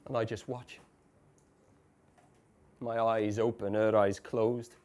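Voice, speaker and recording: An actor in a live stage monologue playing a tormented man who caught his wife cheating. He stammers, repeats broken phrases, and swings between hushed murmurs and shouts. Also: fairly low pitch, flat delivery, slow. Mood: haunted. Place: café bar stage before a live audience.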